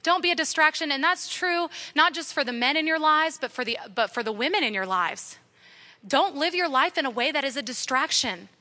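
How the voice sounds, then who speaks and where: Bright, high-voiced young woman preaching. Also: lively intonation, fairly quick. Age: young adult. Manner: earnest, exhortative, repeating key phrases. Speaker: women's ministry speaker. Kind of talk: sermon.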